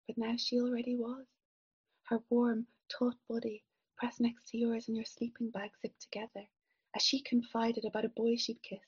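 A woman narrating a literary story in the second person, soft and measured, at times dropping to a whisper. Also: a little high, slightly rough, muffled recording. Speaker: audiobook narrator.

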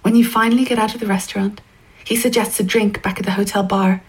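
A woman narrating a story in the second person, in a hushed, intimate way that often sinks toward a whisper. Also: medium pitch, fairly even intonation, quick pace, low-quality recording.

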